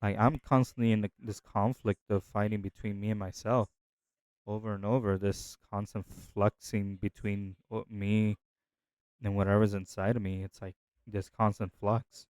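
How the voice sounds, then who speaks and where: A man with a low-set, smooth voice talks through his thoughts in an unscripted, meandering way. He restarts sentences and leans on filler words. The sound is close and dry, with no room around it. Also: little pitch movement, moderate pace, a little mellow, dry recording. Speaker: Bible reading channel host. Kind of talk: casual spoken reflection.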